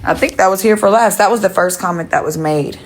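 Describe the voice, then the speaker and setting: A woman's voice: lowish voice, brisk, roomy sound, background noise. Profane, heated woman ranting on a livestream. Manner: profane, confrontational, repeats herself. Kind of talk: heated live-stream rant to chat.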